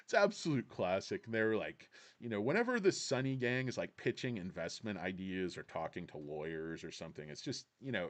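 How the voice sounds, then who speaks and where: A man's voice: fairly low pitch, a bit bright. A man hosting a casual stock video, rambling in a jokey, self-mocking, sarcastic way. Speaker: stock vlog host.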